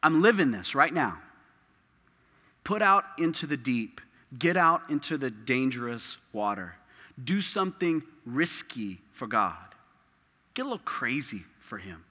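A man's voice: medium pitch, very animated, unhurried, sharp tone. A man preaching a sermon as pastor, emphatic and impassioned, with lots of repetition. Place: church sanctuary. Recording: long reverb of a large hall.

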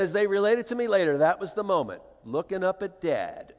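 A man's voice: sits high, fairly quick, hardly any pauses. Older man telling stories in a big hall. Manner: animated, playful, acts out voices. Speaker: speaker. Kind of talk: humorous storytelling talk to an audience. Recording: long hall reverb.

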